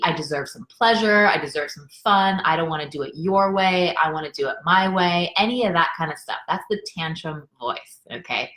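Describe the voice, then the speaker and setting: A woman's voice: lowish voice, fairly bright tone, reverberant. A woman life coach talking earnestly and conversationally to viewers on a live stream, addressing them directly.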